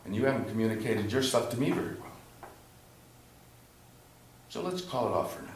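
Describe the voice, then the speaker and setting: A man directing an actor in rehearsal, blunt and swearing, dropping low then pushing hard, recorded from across an echoey studio theatre. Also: animated, fairly quick, a little hiss or hum. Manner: blunt, swearing, swings from quiet to loud pushing. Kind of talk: rehearsal coaching. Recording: echoey room from far off.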